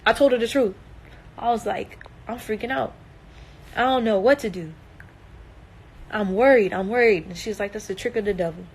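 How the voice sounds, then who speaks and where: A woman's voice: a little high, normal speed, long pauses, darkish tone, a little hiss or hum, low-quality recording. A young woman in a distressed, emotional livestream monologue, earnest and emphatic, repeating herself and swearing.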